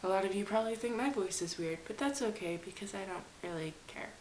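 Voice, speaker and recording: A woman's voice: mid-range voice, fast talker, darkish tone. A young woman from Canada talking to camera from her game room, rambling and self-deprecating, often dropping into a whisper. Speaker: vlogger. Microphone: camera mic. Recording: echoey room with faint hiss.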